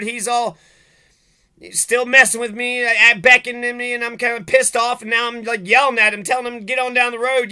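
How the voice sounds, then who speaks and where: A man's voice: extremely high pitch, sharp tone, clean tone. A man giving an agitated, profane, sarcastic rant in video commentary. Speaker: vlogger.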